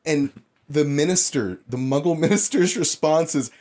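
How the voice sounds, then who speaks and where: A man's voice: on the high side, moderate pace, a little mellow. A man co-hosting a podcast in casual chat, sarcastic, swearing and laughing as he talks. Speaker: podcast co-host.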